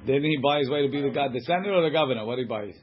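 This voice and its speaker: A man's voice: medium pitch, racing. A man teaching an informal text-study class, translating passages line by line in a conversational way. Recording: dull lo-fi recording.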